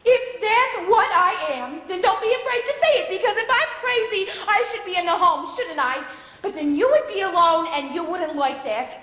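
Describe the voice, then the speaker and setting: A stage actress playing a childlike, emotionally fragile adult daughter who speaks in an earnest, pleading way during a live play. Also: female voice, extremely high pitch, expressive, normal speed, a bit bright. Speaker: stage actor. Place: theater stage. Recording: reverberant theater from far off.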